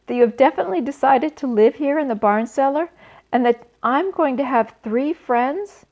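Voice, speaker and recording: A woman reading aloud, voicing a young male pig who sounds high, anxious and pleading. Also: moderate pace, a little mellow, lo-fi sound. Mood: hopeful.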